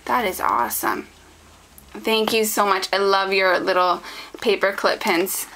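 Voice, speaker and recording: A woman vlogger with a mid-range voice chats at a measured pace while unboxing scrapbooking supplies, gushing with excitement and calling her viewers "guys." The audio quality is poor.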